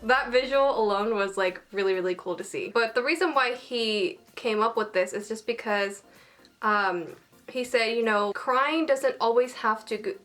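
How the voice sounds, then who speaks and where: A woman's voice: a little high, normal speed, a bit bright, soft background music. A woman chatting casually as an anime reviewer, bubbly and gushing, full of filler words. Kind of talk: casual chat.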